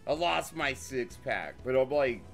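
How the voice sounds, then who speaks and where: A man's voice: mid-range voice, lively intonation, unhurried, creaky, fairly bright tone, faint music behind. A man chatting casually on a commentary stream, laid-back, swearing constantly and laughing often. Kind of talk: casual profane chat.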